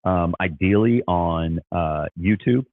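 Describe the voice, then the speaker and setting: Low-voiced man, tinny stuffy livestream. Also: slow, no echo. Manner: rambling, frequent restarts and fillers; enthusiastic. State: stuffy nose from allergies. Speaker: livestream host. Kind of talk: casual livestream talk. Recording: tinny phone-like sound.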